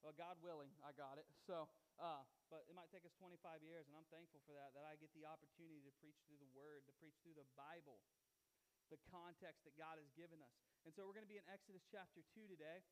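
A male pastor, preaching in a lively, conversational way and acting out the voices of the people in his stories. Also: fairly high pitch, fast, low-quality recording. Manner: animated, conversational preaching with acted-out quotes. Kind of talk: sermon.

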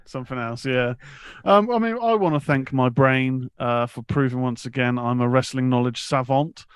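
A man's voice: medium pitch, normal speed, clean tone, no echo. A man co-hosting a podcast, laid-back with a dry sense of humour. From United Kingdom. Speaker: podcast co-host. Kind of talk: casual chat.

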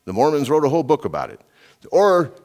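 A middle-aged preacher and radio Bible teacher works through a passage verse by verse in an informal, emphatic, chatty style, often dropping in "you know" and wandering off his notes. His voice is a little high with huge pitch swings, a quick pace, and a darkish tone.

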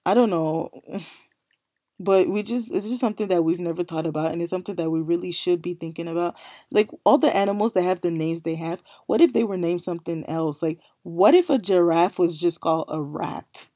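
Chatty woman podcaster, warm low voice. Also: brisk, no room sound, studio quality. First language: not English. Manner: rambling, incredulous questioning with fillers. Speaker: podcast host. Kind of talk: casual solo podcast musing.

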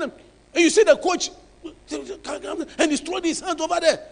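A male pastor preaching a sermon, emphatic and dramatic, swinging from hushed tones to shouts. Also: very high-pitched, animated, a little slow, vocal fry, in a large hall.

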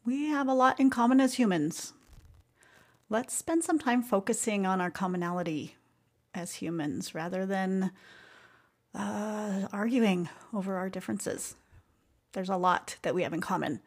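A female podcast host talks earnestly and reflectively about music and life, adding soft asides. Her voice is medium-pitched and animated, at a moderate pace.

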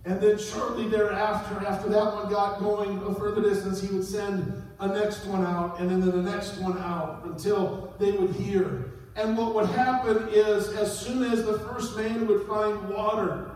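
A middle-aged man preaching a sermon as a pastor, dropping low and then rising to sudden shouted peaks. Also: steady tone, unhurried. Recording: echoey hall, voice from far off.

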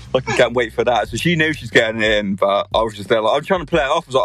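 A man's voice: fairly low pitch, very animated, normal speed, long pauses, fairly bright tone, faint music behind. A young man hosting a podcast, telling a rowdy story with constant swearing and laughter. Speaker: podcast host. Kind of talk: casual storytelling chat.

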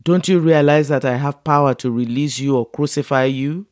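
A stern Roman governor presses a prisoner with firm questions, read by a man in scripture reading. The voice stays close to an everyday middle pitch. The recording is close and dry. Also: moderate pace, a little mellow, dry recording, natural voice. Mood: questioning.

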